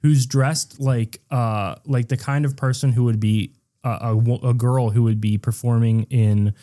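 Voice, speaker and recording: A man's voice: mid-range voice, fairly even intonation, a little slow, dark tone. A man co-hosting a podcast, recapping a movie in crude, joking casual chat. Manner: crude, joking, acts out characters in put-on voices. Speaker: podcast co-host.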